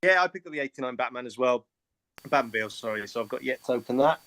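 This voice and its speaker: A man's voice: medium pitch, lively intonation, quick pace, fairly bright tone, dry recording. A man chatting as a livestream guest, easygoing and agreeable, filling in with lots of "yeah". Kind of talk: casual chat.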